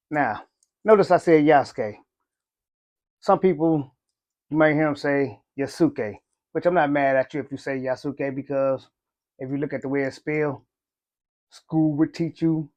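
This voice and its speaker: A relaxed man talks through a cigar review in an easygoing, chatty way. His voice sits at a middle pitch and keeps a casual, unhurried flow. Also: highs cut off. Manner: laid-back, conversational, frequent "you know".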